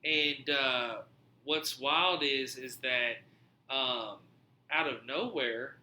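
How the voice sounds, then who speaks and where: A man hosting a podcast, telling a story in a casual, animated way, swearing freely and acting out what people said. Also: mid-range voice, extremely slow, echoey room, a little hiss or hum. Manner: animated, profane, acts out quoted dialogue. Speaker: podcast host.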